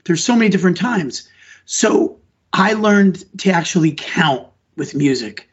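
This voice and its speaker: A middle-aged man speaks with a husky, somewhat high voice, earnest and rambling as he restarts sentences mid-thought. He sounds like a teacher talking through interview answers. The audio is dull and lo-fi. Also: expressive, unhurried. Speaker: elementary school teacher. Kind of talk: conversational podcast interview answers.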